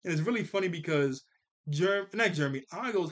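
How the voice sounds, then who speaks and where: Guy doing a laid-back cartoon recap, kinda high voice, laughs a lot, gets really animated. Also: brisk. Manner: animated, laughs often, jumps into character voices when quoting. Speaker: cartoon reviewer. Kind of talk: casual episode recap and commentary.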